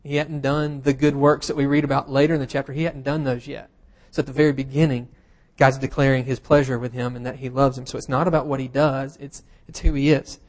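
A man preaching a sermon in a relaxed, conversational way, with wry humorous asides and plenty of fillers. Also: medium pitch, a little fast, few pauses. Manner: casual and self-deprecating, with humorous asides and frequent fillers.

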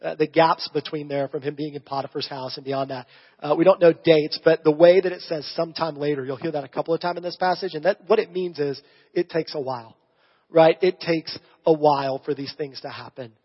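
Male pastor, sermon, casual and conversational, slightly raspy, dull lo-fi recording. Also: a little high, fairly even intonation, fairly quick. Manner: conversational, asks the audience "right?". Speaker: preacher. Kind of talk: sermon teaching through scripture. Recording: long reverb, dull lo-fi sound.

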